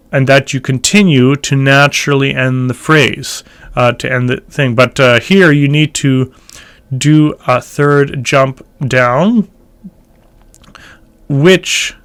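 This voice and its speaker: A man's voice: medium pitch, a bit bright. A man teaching church chant tones in a casual way, explaining notation and breaking into short sung phrases. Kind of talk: casual instructional talk with sung examples.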